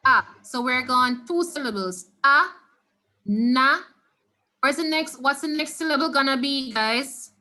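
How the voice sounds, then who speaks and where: A woman with a Jamaican accent teaching a Spanish class over a video call, patiently repeating words slowly for her students. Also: high voice, sharp tone. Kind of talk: online class lesson. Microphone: computer mic on a video call.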